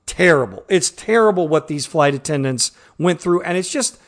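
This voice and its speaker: A man's voice: on the high side, lively intonation, normal speed. A man co-hosting a podcast in casual chat, heated and profane, acting out quotes as he talks. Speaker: podcast co-host.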